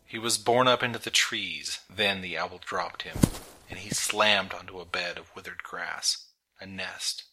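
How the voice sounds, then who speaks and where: A man narrating a storybook in a dramatic, measured reading that builds tension. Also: low voice, steady tone, rough recording. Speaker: audiobook narrator. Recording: narration over clear background music. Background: music.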